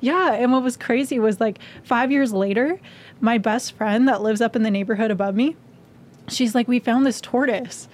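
A woman with a fairly high voice, speaking as a podcast guest. She talks in a bubbly, casual way, laughing often. Her speech is full of "like" and quick asides. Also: a little mellow. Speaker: guest drummer. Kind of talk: casual chat.

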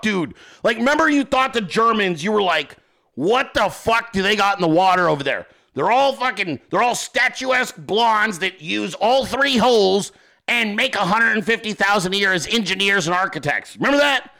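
A man with a high, bright voice that swings widely in pitch as he hosts a political talk show. He rants in a crude, sarcastic way, swearing constantly and firing rhetorical questions at his listeners. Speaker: political commentary host. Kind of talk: profane unscripted rant.

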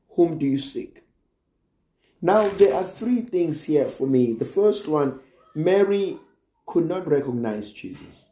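A man delivers a sermon at an unhurried, deliberate pace. His voice sits a little high but has a dark, mellow tone. The sound rings with the echo of a church. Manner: slow, deliberate preaching with emphatic rises. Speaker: priest.

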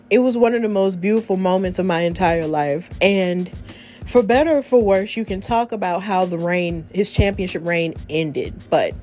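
Podcast host, woman, casual and emotional storyteller, light laughter, soft music bed. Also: lowish voice. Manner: emotional, gushing, laughs often.

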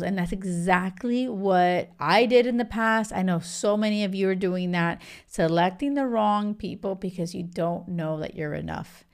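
A woman in her thirties hosting a casual reality TV recap, gushing and animated with lots of filler words. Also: mid-range voice. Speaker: podcast host.

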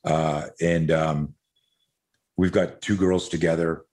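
A man's voice: rumbling low, little pitch movement, takes it slowly, darkish tone. A middle-aged man from Canada, a podcast guest, telling stories in a loose, rambling way, swearing casually and drifting into tangents.

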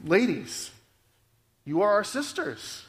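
A male pastor preaches with a fairly high voice, talking earnestly and conversationally and often tossing in quick asides to the room. His words ring out with a long reverb, as if heard in a large church sanctuary. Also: big pitch swings. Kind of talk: sermon.

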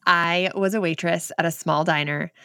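A woman's voice: lowish voice, fairly even intonation, normal speed, bright, forceful tone, no echo, clean studio sound. A woman from northern Michigan with a northern Michigan accent, a guest chatting casually on a podcast and laughing often. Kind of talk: casual interview chat.

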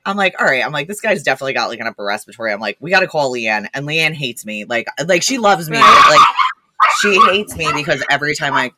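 A woman's voice: sits low, animated, fast talker, sharp tone, slight background noise. A young woman, a rescue founder, telling stories casually with lots of laughter and quoted dialogue. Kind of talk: casual storytelling.

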